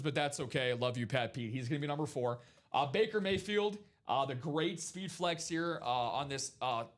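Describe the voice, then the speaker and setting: Hype host for a live card-break stream: a man with a slightly high voice, chatty and playful. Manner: chatty, hyped, jokey. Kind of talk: upbeat live-stream sales patter. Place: studio break room.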